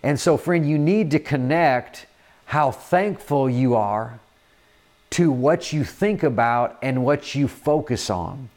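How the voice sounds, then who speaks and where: A man preaching a sermon in an earnest manner, often repeating words and filling pauses with "uh". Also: medium pitch, lively intonation, darkish tone.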